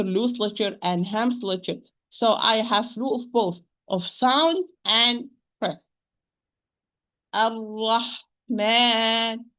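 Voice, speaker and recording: A woman with an Arabic accent teaching Quran pronunciation, repeating sounds slowly and patiently to demonstrate them. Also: medium pitch, fairly bright tone. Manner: addresses listeners as "my dear sister". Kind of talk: pronunciation lesson.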